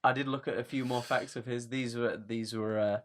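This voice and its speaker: A man's voice: mid-range voice, steady tone, fairly quick. A man co-hosting a casual comedy podcast, reading out facts with lots of fillers and frequent laughter. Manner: laughs often, rambling with fillers. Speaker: podcast co-host.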